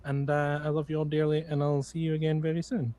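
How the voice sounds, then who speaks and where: A man with a mid-pitched voice gives a relaxed, friendly plug for his stream. A faint noise hangs behind him. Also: quick pace. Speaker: streamer and player. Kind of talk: casual sign-off.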